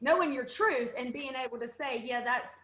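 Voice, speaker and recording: A woman's voice: high-pitched, fairly quick, roomy sound, slight background noise. A woman on a panel video call, chatting casually and acting out what people said to her. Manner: animated storytelling, acts out quotes. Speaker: panel guest.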